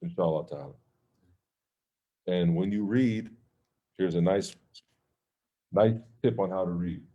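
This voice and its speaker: A man with a low, mellow voice leads an informal religious class. He talks in a loose, conversational way and keeps checking in with his listeners, asking "okay?" and "right?" as he explains. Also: slow pace, lo-fi sound. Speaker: Islamic teacher.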